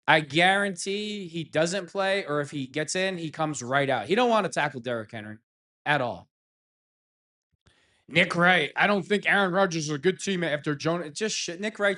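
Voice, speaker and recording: A man's voice: on the high side, fairly bright tone. A man hosting a fan reaction show, ranting heatedly and sarcastically at sports pundits. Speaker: sports commentary host.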